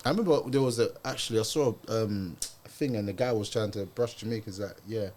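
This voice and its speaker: A young man, chatting casually in a group discussion and telling animated stories packed with slang and fillers. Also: on the low side, fast talker, hardly any pauses, slight background noise. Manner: animated storyteller, full of street slang and fillers.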